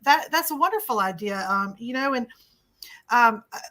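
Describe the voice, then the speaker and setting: Middle-aged woman host, high-ish and very bright, chatty and animated on a video call. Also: normal speed. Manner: animated and chatty, trailing off and restarting. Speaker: librarian and webinar host. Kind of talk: hosting a webinar.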